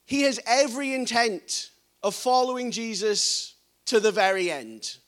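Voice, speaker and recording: High-voiced man preaching a sermon. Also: lively intonation, unhurried. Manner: reads scripture quietly, then rises to emphatic preaching.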